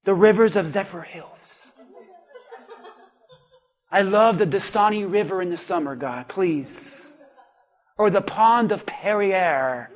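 Male pastor, very high voice, unhurried, sermon with soft music behind. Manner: swings from hushed asides to laughing shouts, acts out quotes.

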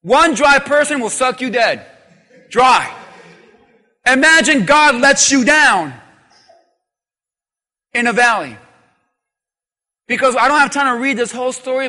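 A male pastor preaching emphatically and calling on the congregation to answer back. His voice sits very high and sounds bright and sharp. A long reverb rings around him in a big church hall. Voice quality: emphatic, call-and-response preaching. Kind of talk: sermon.

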